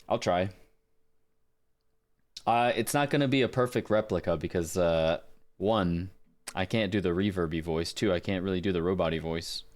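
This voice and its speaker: A man chatting casually on a live stream, self-deprecating and quick to laugh. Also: low-pitched.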